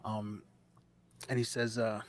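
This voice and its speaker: A man's voice: on the low side, level tone, takes it slowly. A man narrating a tabletop game as game master in a loose, filler-heavy storytelling manner.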